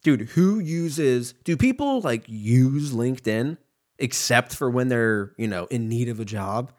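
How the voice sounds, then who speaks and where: A man hosting a podcast in a loose, unfiltered ramble, cursing casually and losing his train of thought. His voice is mid-pitched but very animated, swinging up and down as he riffs. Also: unhurried. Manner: loose, profane, jumps between tangents. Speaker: podcast host.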